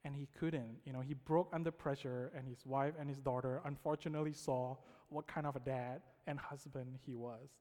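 A man preaching a sermon, telling a personal story with lively quoted voices and frequent check-ins with his audience. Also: medium pitch, moderate pace, few pauses. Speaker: pastor. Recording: long hall reverb.

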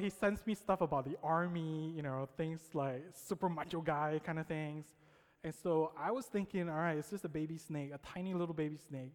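Man preaching in a reverberant hall. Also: a little high. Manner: storytelling with animated quoted voices; frequent check-ins to the audience. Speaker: pastor. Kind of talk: sermon.

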